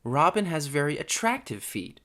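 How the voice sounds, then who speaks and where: A man's voice: on the high side, sing-song, normal speed, a bit bright, pitched above the performer's own voice. Darla, a man voicing a cooing hen pigeon. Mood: admiring. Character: admiring gossipy female pigeon.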